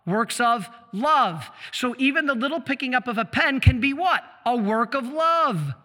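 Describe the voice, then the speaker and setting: A man with a high, very bright voice gives a religious teaching talk at a shrine. He is emphatic, poses rhetorical questions and answers them, and slows down whenever he reads a quotation. His voice rings out with the long reverb of a large hall. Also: expressive. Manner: slows down when reading quotations aloud. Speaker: preacher at a shrine.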